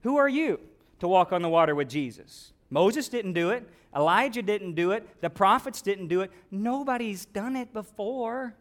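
A man preaching a sermon with dynamic delivery, rising to loud exclamations and dropping to hushed quotes. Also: high voice, expressive, normal speed. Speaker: pastor.

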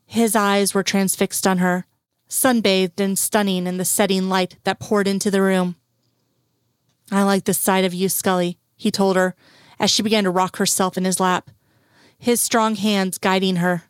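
A woman reads a story aloud at a measured, even pace. Her voice sits at a middle pitch. The recording is dry and close. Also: smooth, no room sound. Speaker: narrator.

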